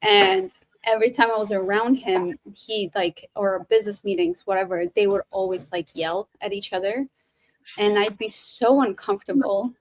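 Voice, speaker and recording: A woman from Albania hosting a casual podcast interview, friendly and quick to chime in with short replies. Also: mid-range voice, animated. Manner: friendly, quick to laugh along, many short backchannels. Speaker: podcast host, recruiter.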